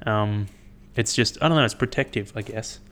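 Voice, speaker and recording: This young man vlogs in an off-the-cuff, meandering monologue, blunt and full of swearing, with lots of "um" and "like." His voice is slightly low-pitched and a bit bright, at a moderate pace.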